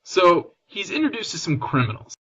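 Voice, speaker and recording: Bright-voiced young male podcast host. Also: high-pitched, wildly swooping pitch, moderate pace, slightly rough, lo-fi sound. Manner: chatty, summarizes plot, frequent restarts. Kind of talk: casual film discussion.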